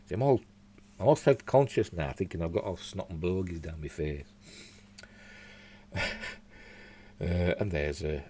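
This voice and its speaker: A man's voice: sits low, measured pace, pauses often, mellow, husky. A man with a Yorkshire accent hosting a casual news chat at home, reading articles aloud with rambling asides. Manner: rambling, chatty, with asides and slips. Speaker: news show host. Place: home room.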